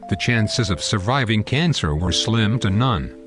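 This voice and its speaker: A man's voice: on the low side, expressive, a little slow. A man playing a fond, teasing old grandfather who tells his granddaughter a story in an amateur scripted skit, calling her honey. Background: background music.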